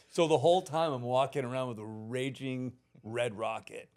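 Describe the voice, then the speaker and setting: A man around sixty, a podcast guest telling a long personal story in a casual, animated way, swearing freely and laughing through it. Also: mid-range voice, moderate pace, few pauses. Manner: animated, profane, laughs through his stories.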